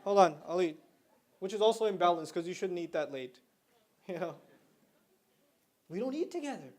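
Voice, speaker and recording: A man's voice: sits high, very animated, normal speed, darkish tone. A middle-aged man giving a religious lecture to students in a conversational way, explaining terms and slipping into slang. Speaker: Islamic lecturer.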